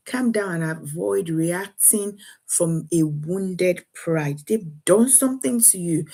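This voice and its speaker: A woman from Africa giving parenting advice to camera. She talks in a lively way, repeats words, and acts out what parents and children say. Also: low-pitched, breathy edge. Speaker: parenting coach.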